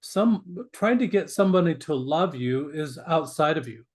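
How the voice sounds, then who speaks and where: A man with a fairly high speaking voice, talking as a podcast guest. He speaks earnestly and with emphasis, and he often stumbles over the first words of a sentence before he finds his point. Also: lively intonation, normal speed. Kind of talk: conversational interview.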